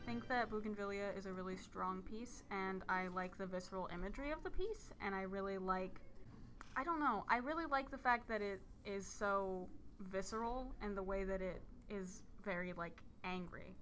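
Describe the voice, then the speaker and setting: A young woman reading a poem in a measured way, then talking about it hesitantly with many fillers. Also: mid-range voice, fairly bright tone, a little hiss or hum. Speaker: poem reader and guest. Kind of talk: poetry reading and casual discussion.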